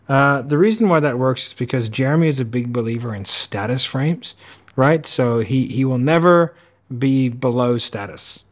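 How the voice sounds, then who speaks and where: A man giving casual commentary on sales clips, talking quickly and acting out sales calls. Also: medium pitch. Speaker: sales coach reacting to clips.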